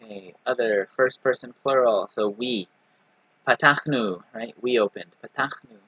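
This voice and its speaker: A man teaching a recorded language lesson, patiently explaining and repeating example words slowly with frequent "right?" and "okay.". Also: medium pitch, a bit bright, slightly rough, no echo, muffled recording. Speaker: Hebrew teacher.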